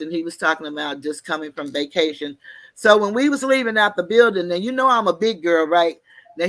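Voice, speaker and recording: A woman telling a story in an animated, folksy way, mixing slang and cussing. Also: mid-range voice, dry recording. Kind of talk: casual storytelling.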